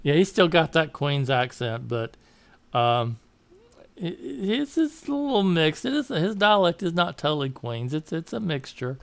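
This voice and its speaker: Rambling Southern man, higher pitched. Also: sing-song, a little slow, gravelly, no echo. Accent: Southern American. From American South. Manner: rambling, self-correcting, chuckling asides. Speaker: political commentator. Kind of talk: casual opinion monologue.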